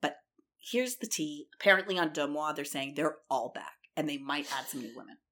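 A woman co-hosting a podcast in casual chat, animated and gossipy, swearing freely. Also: sits low, fairly quick. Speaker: podcast co-host.

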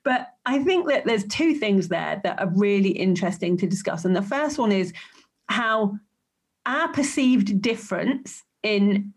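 A woman's voice: medium pitch, expressive, unhurried, slightly rough. A woman hosting a podcast, chatty and upbeat, laughing easily as she talks with her guest. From half Maltese family. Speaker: podcast host. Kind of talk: casual interview chat.

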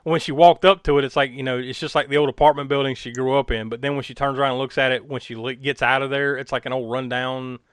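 A man's voice: medium pitch, level tone, fast talker, few pauses, a bit bright, clean tone, no echo. A man recapping a movie in casual chat, rambling with many fillers and frequent laughs. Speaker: podcast co-host recapping a film.

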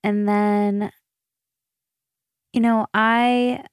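A woman's voice: mid-range voice, flat delivery, extremely slow, smooth, dry recording, clean studio sound. A woman, hosting a solo podcast in casual chat. She gushes, laughs often and swears freely. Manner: chatty, gushing, laughs often. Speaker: podcast host.

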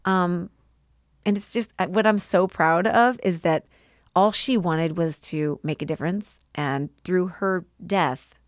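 A woman guest on a podcast speaks heartfelt and open in an emotional interview, sometimes tearful yet often laughing. Her voice is on the low side and a little slow, recorded with clean studio sound and no echo.

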